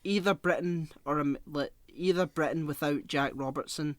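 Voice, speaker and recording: A man's voice: on the high side, normal speed, slight background noise. A young man chatting casually as a podcast co-host, ranting in exasperation, swearing and filling with "like". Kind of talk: casual chat.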